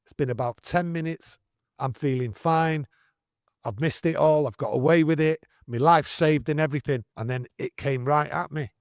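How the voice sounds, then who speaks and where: A man's voice: a little high, normal speed, no echo, studio quality. Older Manchester man telling a war story. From England. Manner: animated, earnest, slips into broad northern dialect. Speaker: guest storyteller. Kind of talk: casual storytelling interview.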